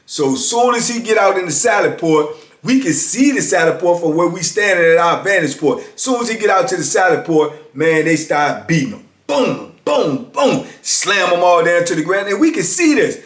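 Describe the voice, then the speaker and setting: A man's voice: high-pitched, expressive, brisk, fairly bright tone, reverberant. A man casually telling a story from his years in prison, acting out voices of guards and inmates as he goes.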